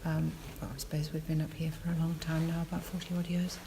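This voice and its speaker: An older retired woman answering interview questions casually, hesitant with many pauses and self-corrections. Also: sits low, completely flat delivery, dark tone, slight background noise.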